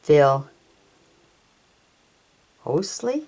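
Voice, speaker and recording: A woman with a low voice reads through her collection of trading cards one at a time, naming each player and team at a very slow, unhurried pace. Her pitch swings widely as she goes. She sounds out tricky names haltingly and sometimes stumbles over them. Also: very animated. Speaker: hockey card collector.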